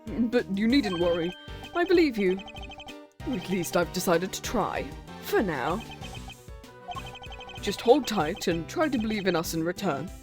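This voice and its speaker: A woman voicing a stiff, formal male prosecutor who speaks in a measured, dry way. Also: medium pitch, sing-song. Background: faint game music.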